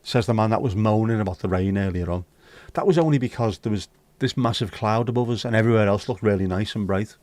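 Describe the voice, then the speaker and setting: A man's voice: fairly low pitch, fast talker, hardly any pauses, a little mellow, no echo. A man hosting a livestream, chatting casually and jokily with his viewers. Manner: chatty, jokey banter. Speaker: livestream host.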